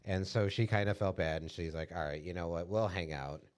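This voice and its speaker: Deep-voiced man telling a story casually. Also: a little fast, smooth. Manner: laid-back storytelling with fillers. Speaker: podcast co-host. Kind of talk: casual chat.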